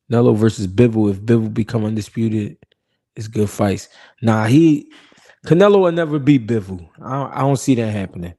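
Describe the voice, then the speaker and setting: A man's voice: lowish voice, fairly quick, dark tone. A man hosting a live boxing talk stream in casual, slangy chat, reading viewer comments and laughing often. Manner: laid-back, slangy, laughs often, repeats himself.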